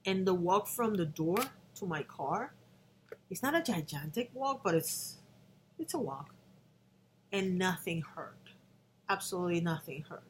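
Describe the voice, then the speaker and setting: A woman's voice: lowish voice, slight background noise. A woman in her fifties talking earnestly to the camera in a personal vlog, with frequent restarts and emotional moments. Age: 50s. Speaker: vlogger.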